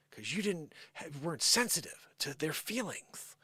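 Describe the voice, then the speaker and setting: A man on a live stream delivers a sarcastic rant with a lively voice that swings high and low. His voice sits a bit higher than most men's, and the sound is dry and close with no room echo. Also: a little slow, few pauses, slightly rough. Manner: animated, sarcastic, ranting. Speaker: live show host. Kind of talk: opinionated live-stream monologue.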